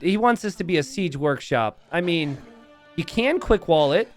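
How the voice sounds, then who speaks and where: A man casting a strategy game match, excitable and breaking into shouts and laughter. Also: a little high, moderate pace, dry recording, faint music behind. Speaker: game caster.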